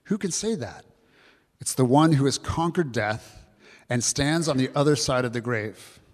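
A man's voice: medium pitch, lively intonation, measured pace, in a large hall. A man preaching a sermon, earnest and reflective, asking his listeners questions and reading scripture aloud. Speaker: pastor.

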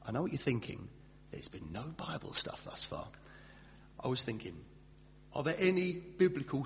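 A man gives a relaxed Christmas sermon in a chatty, self-deprecating way, stumbling over a word now and then. His voice hangs in a long hall reverb. A faint hum sits under the recording. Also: medium pitch. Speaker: pastor.

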